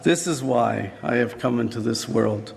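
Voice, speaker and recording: A man preaching, voicing a calm, compassionate male teacher who speaks with pity. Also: mid-range voice, unhurried, vocal fry, slight background noise, pitched below the performer's own voice. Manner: gentle, sorrowful. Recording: long church reverb.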